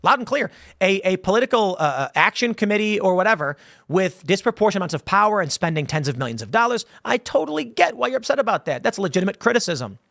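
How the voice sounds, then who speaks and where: A man's voice: high-pitched, big pitch swings, fast talker, creaky, a bit bright, no room sound, studio quality. A man hosting a casual commentary show, answering viewer questions in a rambling, conversational way and acting out quotes. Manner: rambling, conversational, with many restarts and acted-out quotes. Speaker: host.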